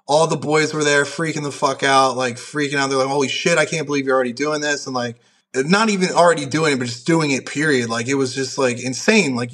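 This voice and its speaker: A man's voice: medium pitch, sharp tone. A young man, a powerlifter, telling stories on a podcast in a rambling, profane way, full of "like". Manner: profane, rambling, heavy use of "like". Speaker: podcast guest, powerlifter and referee. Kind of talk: casual podcast chat.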